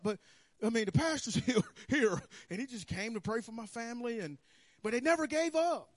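Man preaching, high voice, dry close sound, animated testimony, hushed then loud. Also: fairly quick, no echo. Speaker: pastor. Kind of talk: sermon testimony. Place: church sanctuary.

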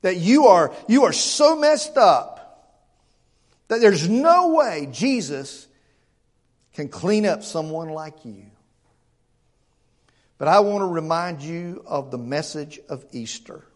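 A man with a notably high speaking voice delivers a church sermon. He preaches earnestly and emphatically, stumbling over repeated words and pressing the congregation with rhetorical questions. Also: very animated, slow pace, long pauses. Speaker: pastor.

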